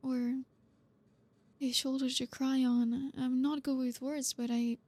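A woman voicing a blunt, reserved young woman who is gruff but caring, talking to the listener in an audio role-play in a halting, awkward way. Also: high voice, level tone, darkish tone, dry recording. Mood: awkward, tender. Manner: halting, awkward, stumbling over words.

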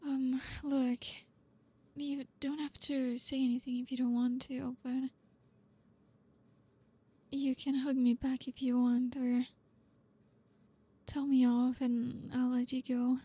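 A woman voicing a blunt, reserved young woman who is gruff but caring, talking to the listener in an audio role-play in a halting, awkward way. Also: high-pitched, little pitch movement, warm tone, dry recording, full character voice. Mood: awkward, tender. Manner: halting, awkward, stumbling over words.

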